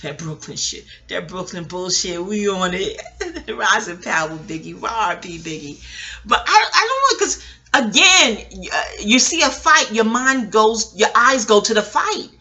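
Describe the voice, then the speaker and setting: A bright, forceful voice belongs to a middle-aged woman from New whose colors every line. She rambles through stories at home, swearing freely and breaking into laughter as she goes. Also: mid-range voice, very animated, a little slow. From New York. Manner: profane, laughing, digressive storytelling. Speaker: vlogger. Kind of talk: casual rambling monologue.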